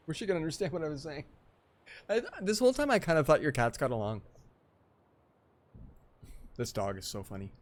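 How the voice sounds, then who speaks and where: A man streaming a strategy game live, chatting casually with viewers and telling rambling stories. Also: mid-range voice.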